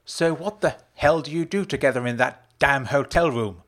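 A man's voice: medium pitch, moderate pace, pitched above the performer's own voice, close to an everyday voice. A man voicing a furious accusing wife. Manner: accusing, snapping, loud. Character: middle-aged wife, furious, accusing, sharp-tongued.

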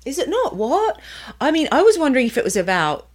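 A woman co-hosting a podcast in a relaxed, chatty way. Her voice is mid-pitched and very lively, with wide swings in intonation. She teases and prods her co-host in a playful way. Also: brisk. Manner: playful teasing. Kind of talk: casual podcast chat.

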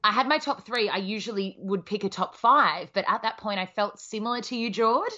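A woman's voice: on the low side, fairly bright tone, lo-fi sound. A woman from Australia co-hosting a podcast in casual chat, enthusiastic and laughing often. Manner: enthusiastic, laughs a lot, addresses listeners. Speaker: podcast co-host.

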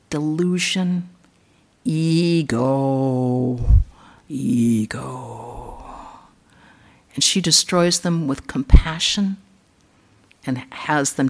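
A nun giving a temple sermon, retelling scripture in a conversational, storytelling way with humorous asides. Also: female voice, low voice, a little mellow.

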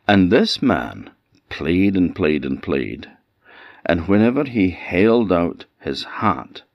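A man with an Orkney accent telling a folktale in an unhurried, expressive way, in a dull, dry recording. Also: deep voice, no room sound. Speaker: storyteller.

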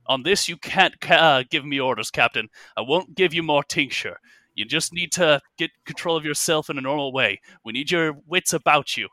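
A calm ship's doctor in a tabletop game, steady and firm as he refuses the captain, as a man plays him. The voice is bright and recorded dry and close. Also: fairly high pitch, normal speed, dry recording.

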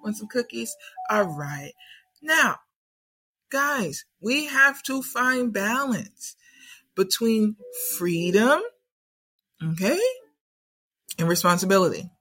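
Gentle, motherly ancestor spirits speak in a raised, coaxing voice, as a woman puts them on. They soothe and gently scold, with a bright, sharp tone. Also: medium pitch, expressive, takes it slowly, pauses often, voice pushed up. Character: kindly elevated ancestor spirits, soothing elders.

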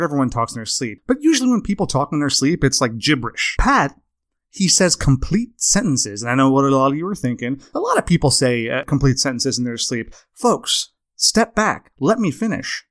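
A man's voice: medium pitch, fairly bright tone, dry recording, studio quality. A man hosting a comedy podcast, delivering a rambling, self-deprecating monologue. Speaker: podcast host.

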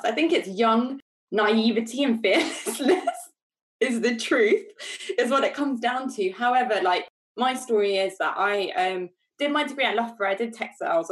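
A woman's voice: medium pitch, poor audio. A young woman from London with a London accent, openly and earnestly telling her story as a guest over a video call. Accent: London English. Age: young adult. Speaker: guest, jewellery designer. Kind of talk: casual interview chat.

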